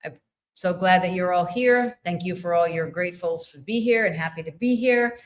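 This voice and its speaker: A woman's voice: fairly low pitch, moderate pace. A middle-aged woman hosting a live wellness session, talking to viewers in an upbeat, playful, sing-song way. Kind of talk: live stream talk to viewers.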